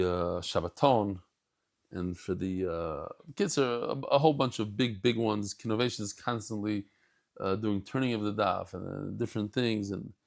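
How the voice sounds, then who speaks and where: Brief: male Talmud teacher, lively and jokey, plays out the text's dialogue. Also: medium pitch, vocal fry. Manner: animated, jokey asides, acts out dialogue. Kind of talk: daily Talmud class.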